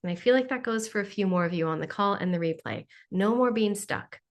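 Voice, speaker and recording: A woman's voice: mid-range voice, brisk. A woman hosting a spiritual Q&A on a live video call, talking in a playful, joking way with sarcastic asides. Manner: playful, jokey, sarcastic asides, mimics voices.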